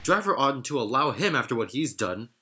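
A man voicing a small, excitable male steam engine who complains in a high, childlike way. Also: brisk, close to an everyday voice. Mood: indignant. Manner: shrill, indignant, childlike complaining. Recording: narration over loud music.

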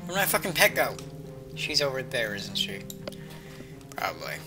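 Very animated and moderately paced, a gamer's mid-range voice delivers sarcastic, cursing self-commentary during a let's-play. Game music plays in the background.

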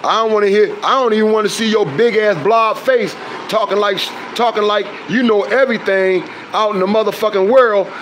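High-pitched man ranting with profanity. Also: fairly quick, a little hiss or hum, rough recording. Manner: confrontational, profane, trails into fillers. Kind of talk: heated direct-to-camera rant.

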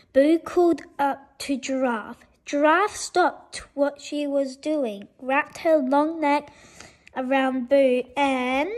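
High-voiced woman reading a kids bedtime story real slow, gentle and expressive. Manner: gentle and expressive, with small slips. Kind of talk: bedtime story read-aloud.

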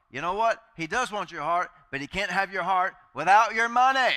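A man's voice: sits high, moderate pace, pushed and bright. A male pastor preaching a sermon in a chatty, joking way, acting out the voices he quotes.

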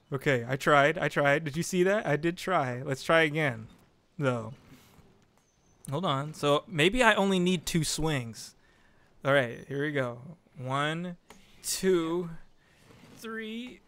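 A young man narrating his gameplay on a livestream, slightly high-voiced and in no hurry between his excited yelps. His mic sounds close and dry. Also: a little slow, dry recording. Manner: excitable, talks to chat, yelps when falling. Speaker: streamer. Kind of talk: gameplay commentary.

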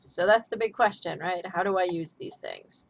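A woman's voice: on the low side, moderate pace, creaky, low-quality recording. A woman giving a recorded grammar lesson as a writing instructor, talking casually through examples. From United States.

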